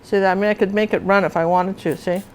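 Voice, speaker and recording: A woman's voice: medium pitch, steady tone, quick pace, poor audio. A middle-aged woman teaching acrylic painting in a live demonstration, chatty and often asking viewers if they see it.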